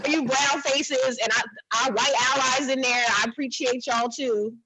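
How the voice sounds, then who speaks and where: A woman in her thirties from New Jersey doing a blunt, animated stand-up set, talking to the audience like a friend. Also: high voice, normal speed, husky, low-quality recording. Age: 30s. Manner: blunt, animated, conversational, repeats herself. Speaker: stand-up comedian.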